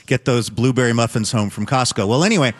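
A man's voice: medium pitch, quick pace, in a large hall. A man co-hosting a casual news chat, telling stories in a wry, slightly snarky, joking way. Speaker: podcast co-host. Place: lives in the countryside.

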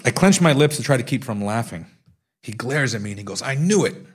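A man's voice: mid-range voice, expressive, a little fast, husky. A man, the author, reading aloud from his own memoir in a wry storytelling manner.

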